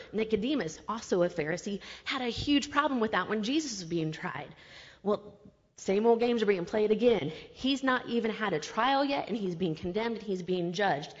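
A woman leads a Bible teaching in an easy, conversational way and drops casual slang as she explains. Her voice sits at a middle pitch. It rings with long reverb, and the recording sounds dull and lo-fi. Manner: casual and chatty, with slang asides.

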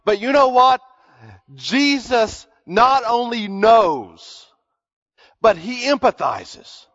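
A man's voice: very high-pitched, animated, slow pace, fairly bright tone. Guy in his 30s preaching, chatty but earnest, kinda muffled lo-fi sound. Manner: earnest, conversational preaching, rising to emphatic peaks. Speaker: pastor. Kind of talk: sermon.

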